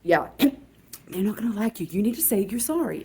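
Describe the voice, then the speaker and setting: A woman's voice: medium pitch, expressive, normal speed, darkish tone, breathy edge. A woman improvising a comedy sketch, bossily scolding and lecturing with frequent laughs. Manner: bossy, scolding, laughs a lot.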